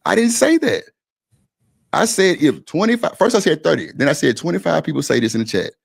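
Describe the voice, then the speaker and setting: Gravelly-voiced man arguing bluntly. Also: on the high side, animated, brisk. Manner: blunt, profane and insistent. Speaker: host of a live-stream panel. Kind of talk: heated casual argument.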